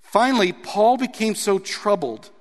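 A pastor preaches to his congregation, a man with a slightly high voice. He reads scripture aloud, then stresses its key words with animated emphasis. His voice carries a long reverb from the large sanctuary. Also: measured pace. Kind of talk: sermon.

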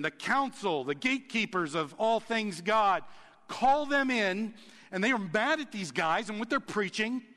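Male pastor, higher-pitched voice, lively sermon delivery, hall reverb. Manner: animated, acts out quoted reactions, laughs often.

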